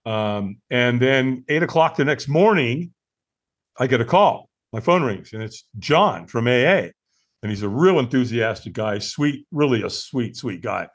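Older American man, sixties, mid-pitched, earnest storyteller who restarts his sentences, interview guest. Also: unhurried, breathy edge. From United States. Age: 60s. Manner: earnest, animated retelling with filler-heavy restarts. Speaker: podcast guest.

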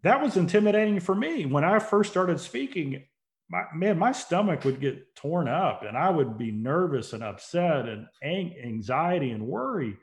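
In a casual, conversational interview, a man who is a motivational speaker and company CEO tells stories earnestly and builds toward emphatic points. His voice sits fairly high, is very animated, and moves at a normal speed.

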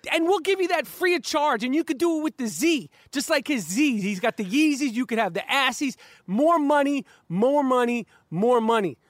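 Podcast host, man with a high voice, animated and profane, talking outdoors in a backyard. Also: brisk, hardly any pauses, no room sound, clean studio sound. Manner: rambling, profane, stammering restarts, animated. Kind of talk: casual podcast chat. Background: dog barking.

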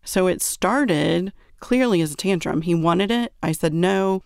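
Woman, parent, personal storytelling, earnest, bit of vocal fry, dry room. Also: lowish voice, measured pace, no room sound. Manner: earnest, reflective, frequent "right?" check-ins.

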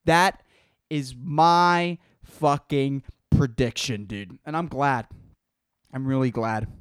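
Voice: mid-range voice, slow, clear, resonant tone, no room sound, studio quality. A podcast host ranting alone for comic effect, profane and rambling, repeating words while searching for the next one and calling out to an imagined listener in exasperation. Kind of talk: solo comedic rant.

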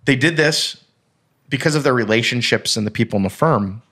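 A man's voice: mid-range voice, brisk, pushed and bright. A man in casual podcast chat, explaining a finance story at length with restarts and the odd swear word.

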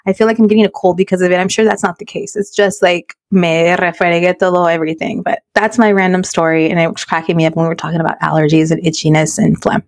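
A woman's voice: lowish voice, fairly even intonation, fast talker, few pauses, dry recording, clean studio sound. A middle-aged woman, co-host of a chat podcast, telling a story with lots of laughs and Spanish phrases mixed into her English, her throat a little sore.

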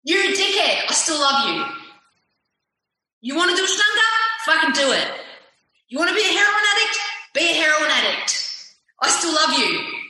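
A brash, foul-mouthed husband teases his wife and then lovingly tells her to do as she likes, as a woman puts him on. The voice is pitched up high and ringing bright. It sits in a very echoey room. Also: very animated, normal speed, pauses often, heavily acted. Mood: blunt, fond. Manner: brash and profane, teasing and loving. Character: blunt, swearing, accepting husband, a man.

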